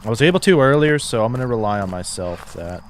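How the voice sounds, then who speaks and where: A man's voice: mid-range voice, lively intonation, fast, a little hiss or hum. A man giving casual commentary while streaming a game, chatty and thinking aloud with frequent fillers.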